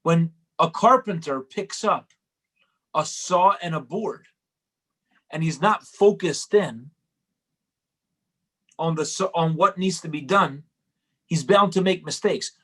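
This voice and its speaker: A man's voice: on the high side, takes it slowly, pauses often, a bit bright. A man teaching a Torah class in a conversational storytelling way, repeating phrases for emphasis.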